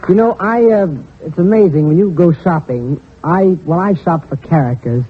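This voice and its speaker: High-voiced man telling jokes. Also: normal speed, noisy background. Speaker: comedian. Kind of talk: stand-up storytelling. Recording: tinny old lo-fi audio with crowd.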